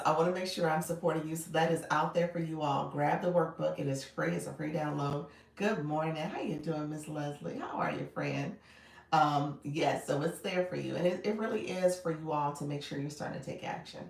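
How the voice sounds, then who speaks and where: A woman's voice: deep voice, normal speed, vocal fry, darkish tone, reverberant, distant mic, rough recording. Female live coach, casual and friendly with viewers, sits back from the mic. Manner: chatty, greets viewers by name, laughs often. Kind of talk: casual livestream chat.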